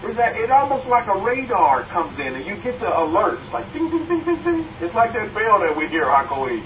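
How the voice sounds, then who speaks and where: A man giving a sermon full of personal stories, talking in an animated way and acting out conversations with repetitions. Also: high voice, a little fast. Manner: animated, repeats himself, acts out conversations. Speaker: teacher addressing a congregation. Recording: distant, dull room recording with faint hiss.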